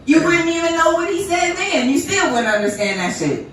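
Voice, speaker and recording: Laughing at her own jokes, a brash woman from Ohio performs profane stand-up on a comedy club stage to a laughing live crowd. Her high-pitched voice is very animated at a moderate pace, captured from a distance in an echoey room.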